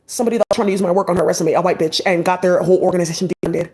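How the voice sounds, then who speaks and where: A woman's voice: fairly low pitch, steady tone, very fast, hardly any pauses, a little mellow. A woman talking straight to her viewers in a rambling monologue, agitated and swearing often.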